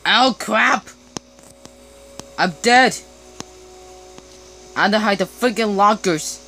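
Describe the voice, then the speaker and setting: A woman's voice: mid-range voice, slow, bright, forceful tone, slight background noise. A young woman playing a horror game, swearing and screaming whenever something startles her. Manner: jumpy, swears and screams at scares. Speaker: gamer.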